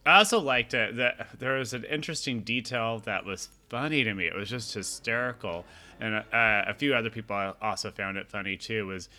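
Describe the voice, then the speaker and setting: Guest type: man, bright tone, enthusiastic, quick to laugh. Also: on the low side. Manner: enthusiastic, laughs while recounting. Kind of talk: casual chat.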